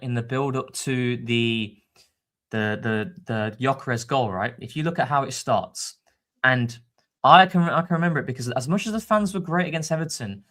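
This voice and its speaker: Casting note: man, animated fan-show co-host, mid-pitched, quick to laugh. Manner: animated, excitable, laughs often. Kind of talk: casual live-stream chat.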